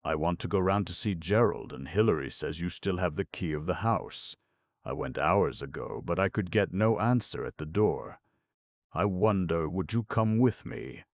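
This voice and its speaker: A worldly young society woman, soft-spoken and wistful, with a bitter edge, as a deep-voiced male narrator raises his pitch for her. The voice stays gravelly, in a dry, close recording. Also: expressive, normal speed, no room sound. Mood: pleading.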